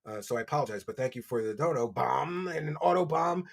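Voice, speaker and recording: A man with a Philadelphia accent hosting a livestream, reading donations and mocking his subject with loud bursts. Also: mid-range voice, lively intonation, fast talker, vocal fry, a loud crowd. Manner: mocking, loud bursts, reads chat aloud. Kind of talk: casual livestream commentary. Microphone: desk microphone.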